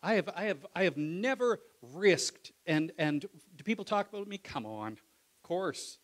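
In a voice that sits high, expressive and a little slow, a man preaches a sermon in a relaxed, conversational way. Acting as pastor, he voices biblical characters and shifts between quiet asides and loud calls.

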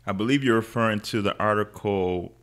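A man with a very low, deep voice hosts an interview podcast. He asks his questions in a measured way and answers his guest with short affirmations. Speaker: podcast host.

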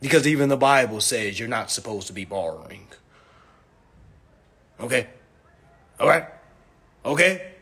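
A man's voice: medium pitch, lively intonation, measured pace, pauses often, pushed and bright, slightly rough. A drunk man delivering a preachy, profane ranting monologue, constantly checking in with "all right?". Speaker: consumer finance commentator.

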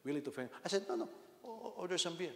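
Pastor preaching in an echoey hall. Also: male voice, high voice, very fast. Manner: animated storytelling, frequent repetitions and restarts. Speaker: senior pastor. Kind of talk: sermon. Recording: echoey hall with long reverb.

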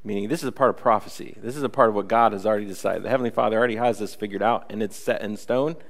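A male pastor giving a sermon, animated and acting out the Bible story, often checking in with the congregation. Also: on the low side.

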